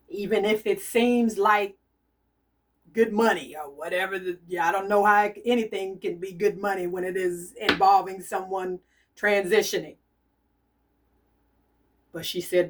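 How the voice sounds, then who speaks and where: A woman reads tarot cards on camera, relaying messages as a medium. Her voice sits slightly low and she speaks softly, circling back to the same warnings again and again. She sounds a bit distant from the microphone. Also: fairly even intonation, unhurried, pauses often. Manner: soft-spoken, repeats her urgings insistently. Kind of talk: channeled tarot reading.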